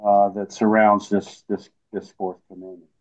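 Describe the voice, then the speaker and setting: A man talking slowly and haltingly in a casual chat about faith, with many fillers. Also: fairly low pitch, flat delivery, darkish tone, highs cut off.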